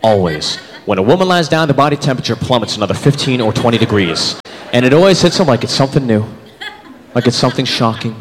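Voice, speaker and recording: A man in his thirties performing a stand-up comedy set, animated and jumping into character voices. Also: mid-range voice, fast talker. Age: 30s. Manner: animated, switches into voices for bits. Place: comedy club stage with live audience. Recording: reverberant club, audience laughter, room noise.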